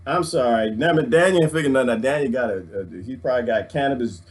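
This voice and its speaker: A middle-aged man, ranting excitedly to his viewers, preaching and swinging his handheld mic as he talks. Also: mid-range voice, quick pace. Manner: swings the mic around while talking. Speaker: vlogger. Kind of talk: excited casual rant.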